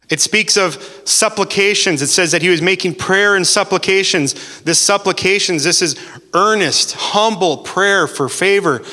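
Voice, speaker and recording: A man preaching a sermon with earnest, repetitive phrasing, slowing down to stress key words. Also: high-pitched, pushed and bright. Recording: long hall reverb.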